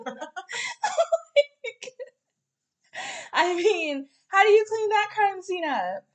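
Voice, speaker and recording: High-voiced young woman, casual laughing chat. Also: huge pitch swings, drawn-out words, pauses often. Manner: laughs often, slips into mock voices for impressions.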